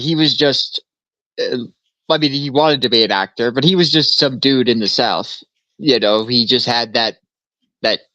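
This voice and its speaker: A man's voice: medium pitch, a bit bright, no echo. A man co-hosting a casual podcast, telling rambling stories full of fillers and swearing. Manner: rambling storyteller, swears freely, lots of fillers. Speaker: podcast co-host. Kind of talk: casual chat. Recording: dull lo-fi sound.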